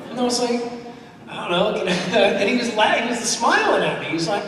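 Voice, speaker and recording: A man guest at a convention panel, telling lively anecdotes full of laughter and acted-out quotes. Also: very high-pitched, a little fast. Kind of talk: storytelling at a fan panel. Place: large convention hall. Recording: echoey hall mic from far off with noise.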